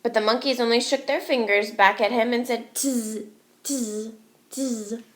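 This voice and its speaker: A woman teacher reading a storybook aloud to young children, expressive and slow, asking her listeners questions. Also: on the high side. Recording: echoey room.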